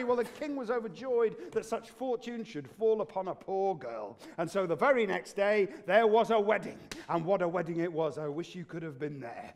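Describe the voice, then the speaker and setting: British English storyteller man, very high voice, dramatic and playful live telling. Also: animated, normal speed, hardly any pauses, darkish tone. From Britain. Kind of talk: live folk-tale storytelling.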